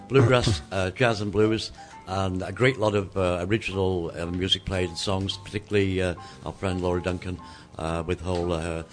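Mancunian guy co-hosting radio, low voice, lots of ums, music faint underneath. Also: a bit bright. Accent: Mancunian English. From England. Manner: rambling, hesitant, many fillers. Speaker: radio co-host. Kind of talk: casual radio chat.

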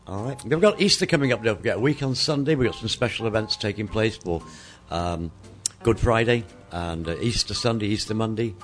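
A middle-aged man with a Manchester accent chats on a local radio show in a lowish voice, wandering through his sentences with plenty of ums and uhs. Faint music plays quietly underneath him. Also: a little fast, hardly any pauses. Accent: Mancunian English. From England. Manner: rambling, hesitant, many fillers. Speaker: radio co-host. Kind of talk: casual radio chat.

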